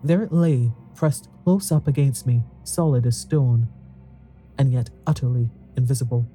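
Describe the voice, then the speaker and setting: Man, very dark mellow voice, dramatic horror narration, intense, faint music underneath. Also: medium pitch, moderate pace. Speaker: audiobook narrator.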